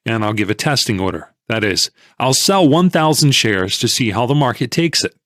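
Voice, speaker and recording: A man narrating an audiobook in first person, measured and conversational. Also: medium pitch, fairly bright tone, no room sound, clean studio sound.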